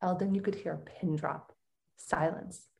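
Woman, middle-aged, podcast guest, expressive storyteller, frequent laughter. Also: on the low side, a little slow, gravelly. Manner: animated, expressive storyteller who laughs often. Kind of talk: personal storytelling in conversation.

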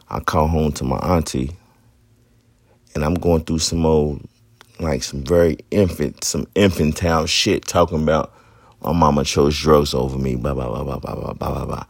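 A podcast host in his thirties delivers a candid personal monologue, telling his own story in blunt, profane street talk. His voice is rumbling low and a little mellow. The sound is clean and studio-like, with no echo.

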